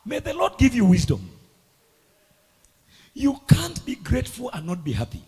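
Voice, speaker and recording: A man preaching a sermon, dramatic and emphatic, swinging between hushed and loud lines. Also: sits high, wildly swooping pitch, moderate pace, pauses often, husky. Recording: echoey hall with long reverb.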